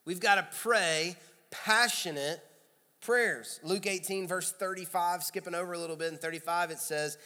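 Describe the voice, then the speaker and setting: A pastor with a Kentucky accent preaching a sermon in a conversational way, with loud emphatic bursts. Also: male voice, high voice, moderate pace. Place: large church sanctuary. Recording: long hall reverb.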